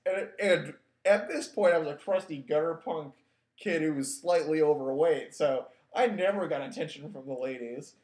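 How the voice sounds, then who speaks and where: A man with a slightly high, a little mellow voice hosts a show at a moderate pace. He tells a personal story casually, wryly and self-mockingly, loose with filler words, in an echoey room.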